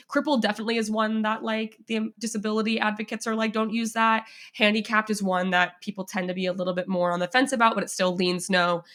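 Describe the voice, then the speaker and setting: A woman co-hosting a podcast in casual chat, talking in quick restarts and laughing often. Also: medium pitch, fairly bright tone. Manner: chatty, self-interrupting, laughs often. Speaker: podcast co-host.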